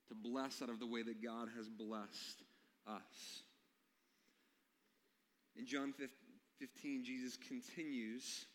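A man preaching a sermon, telling stories and asking his listeners questions. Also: mid-range voice. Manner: storytelling, asks the congregation questions. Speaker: pastor. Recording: long hall reverb.

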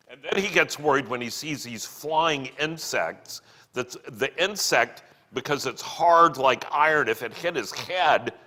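A man retelling and explaining a book chapter in an animated way, acting out the quotes. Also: medium pitch. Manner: animated, acts out quoted lines. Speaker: teacher of a literature series. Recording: long hall reverb.

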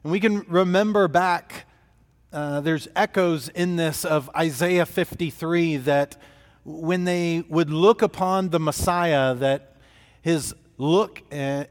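A man delivers an earnest sermon in a somewhat high voice, pausing and restarting his phrases as he works through the passage. His words ring out with the long reverb of a church sanctuary. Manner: earnest, thinking aloud with frequent restarts. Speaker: pastor. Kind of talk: expository sermon.

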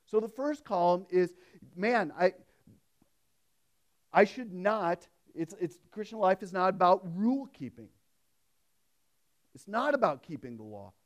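Conversational preacher, slightly high voice. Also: male voice. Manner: swings between emphatic raised delivery and hushed storytelling; conversational, with restarts and asides. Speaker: pastor. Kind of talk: sermon.

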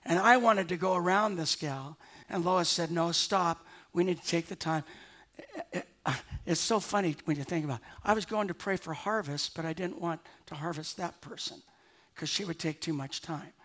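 A pastor preaching a sermon, telling a personal story in an animated way and chuckling at himself as he goes. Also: a little high, moderate pace. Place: church sanctuary.

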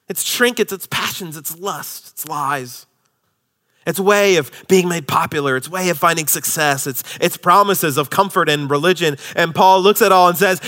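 A male pastor preaching a sermon, swinging from loud, emphatic lines to hushed, near-whispered ones. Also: on the high side, lively intonation, moderate pace.

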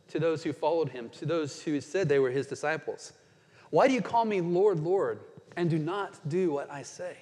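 With a fairly high, somewhat mellow voice, this pastor delivers an earnest sermon from a church sanctuary. When quoting scripture, he slows right down to savor it. A long reverb from the hall lingers on the sound.

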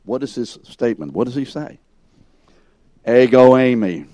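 A man's voice: medium pitch, sing-song, brisk, warm tone, no echo. A man teaching a Bible lesson to a class, questioning students by name and acting out the scene with emphasis. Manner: emphatic, acts out scenes in second person.

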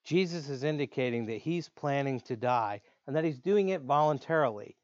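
A man preaching a sermon in an earnest way, slowing down to stress key words. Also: mid-range voice, expressive, no room sound. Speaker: pastor. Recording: dull lo-fi dry sound.

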